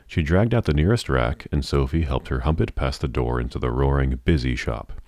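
A man narrating an audiobook in a steady storytelling manner. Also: very deep voice, fairly quick, no echo.

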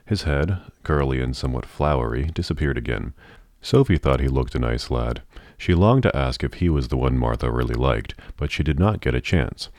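A man narrating an audiobook in a steady storytelling manner. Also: extremely low pitch, moderate pace, dry recording, studio quality.

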